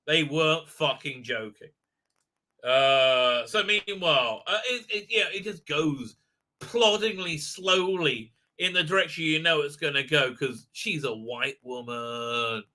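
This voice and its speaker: Bright-voiced sarcastic man hosting a stream. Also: a little high, expressive, unhurried. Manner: rambling, sarcastic, many fillers; mocking put-on voices when quoting. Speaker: show host. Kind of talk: live commentary stream.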